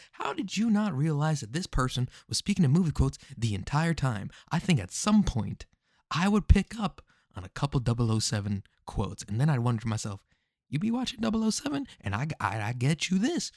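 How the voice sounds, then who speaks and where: Animated man giving casual commentary. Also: a little high, brisk, no room sound, clean studio sound. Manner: animated, rhetorical questions, slangy asides. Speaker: commentary host.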